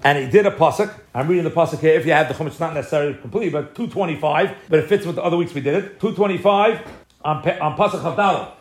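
A man teaching a Torah class as a rabbi, telling a story in a lively way and sprinkling in Hebrew and Yiddish terms. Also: on the high side, racing.

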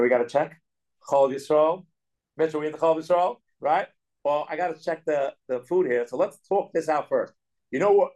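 A man teaching a casual Torah study class as a rabbi, animated and acting out the quotes he explains. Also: a little high, low-quality recording. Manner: animated, acts out quotes, talks in quick bursts.

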